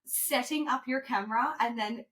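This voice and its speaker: A woman co-hosting a podcast in casual chat, giggly, animated and swearing freely. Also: fairly high pitch, normal speed. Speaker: podcast co-host.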